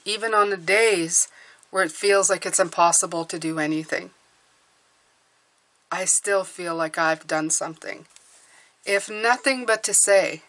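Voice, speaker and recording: Her voice is lowish with a fairly bright quality as she lays out tarot cards for her audience. She sounds earnest and supportive, repeatedly asking "okay?"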